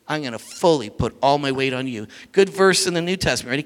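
A man preaching a sermon as pastor, animated and building to shouts as he reads scripture. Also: mid-range voice, fairly quick, clear, resonant tone. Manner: dynamic preaching, rising to shouts when reading scripture. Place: church sanctuary. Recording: church hall reverb.

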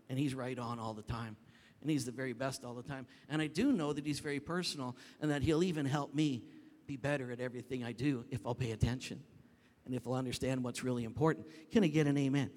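A man preaching a sermon as pastor, telling stories in an animated way that climbs to shouts. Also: mid-range voice, fast talker. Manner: animated storytelling, rising to shouts when reenacting. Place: church sanctuary. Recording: long reverb of a large hall.

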